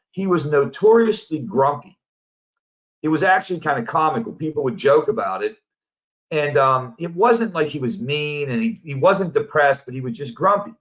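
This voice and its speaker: A man who works as a positive psychology coach, giving a casual, animated storytelling presentation. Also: mid-range voice. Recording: dull lo-fi audio.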